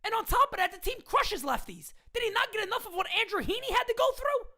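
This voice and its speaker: High, bright voice in a furious rant. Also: female voice, sing-song, fast talker. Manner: loud, indignant, repetitive ranting. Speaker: sports fan ranting. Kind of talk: live rant into a phone camera. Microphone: phone camera.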